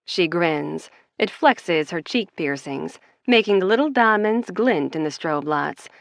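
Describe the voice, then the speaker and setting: A woman's voice: lowish voice, lively intonation, a little slow, creaky, no room sound, studio quality. A woman narrating a first-person romance audiobook in a wry, conversational way.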